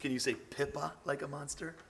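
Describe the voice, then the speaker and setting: A man's voice: a little high, steady tone, a little fast, vocal fry, a bit bright, a little hiss or hum. A man in his thirties hosting a podcast, talking in a chatty, easygoing way with loose fillers. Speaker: podcast host interviewing his daughter. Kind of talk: casual conversational interview.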